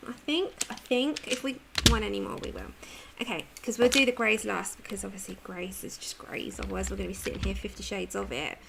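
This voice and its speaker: A British woman with a slightly high, gravelly voice hosts a livestream, chatting casually as she colours. She laughs a lot and responds to viewers' comments, with some background noise audible.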